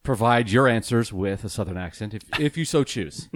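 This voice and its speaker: A man in casual podcast banter whose pitch swoops up and down as he teases his friends. He tosses off wisecracks. The recording is dry and close. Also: lively intonation, normal speed, no echo. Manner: teasing, wisecracking. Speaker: podcast co-host.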